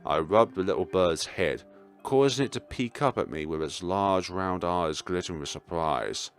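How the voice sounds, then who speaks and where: A young man reading a visual novel aloud, throwing in animated asides and jokes. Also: low voice, normal speed, soft background music. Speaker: gaming YouTuber.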